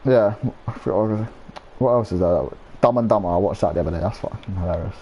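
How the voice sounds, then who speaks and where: A man's voice: on the low side, quick pace, highs cut off, slight background noise. A young man rambling in casual chat while streaming a game, swearing freely and losing his train of thought.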